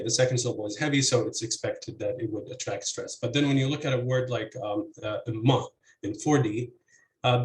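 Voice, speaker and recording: A man giving an academic linguistics presentation over a video call, hesitant, with many fillers and restarts. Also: medium pitch. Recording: echoey room, faint noise.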